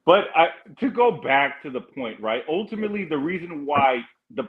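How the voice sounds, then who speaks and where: A man's voice: on the high side, sing-song, normal speed, phone-quality sound. A man from California hosting a casual panel chat, rambling and restarting his sentences often. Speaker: podcast host.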